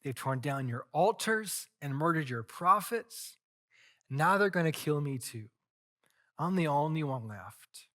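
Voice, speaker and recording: A man's voice: high voice, lively intonation, moderate pace, sharp tone. A man voicing a weary, desperate prophet who pleads earnestly in a sermon retelling. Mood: pleading.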